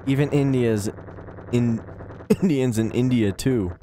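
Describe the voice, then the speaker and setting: A man's voice: medium pitch, slow pace, mellow, a little hiss or hum. A man telling rambling, profane anecdotes in casual chat on a live stream, with chuckles along the way.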